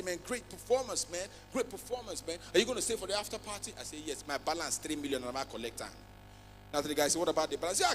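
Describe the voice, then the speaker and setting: A man with a Nigerian accent doing a stand-up comedy routine on a big festival stage, switching between Pidgin and English with loud acted outbursts. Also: a little high. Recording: long hall reverb, faint music.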